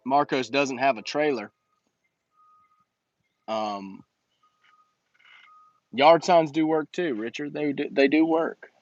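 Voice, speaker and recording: A man's voice: mid-range voice, steady tone, takes it slowly, long pauses, dry recording, muffled recording. A man hosting a casual livestream Q&A and coaching business owners in slangy, emphatic talk that repeats his points.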